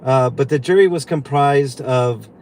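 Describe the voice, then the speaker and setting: A man hosting a livestream from inside a vehicle, venting in a halting, upset way and greeting viewers. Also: mid-range voice, a little mellow. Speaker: livestream host. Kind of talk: livestream commentary.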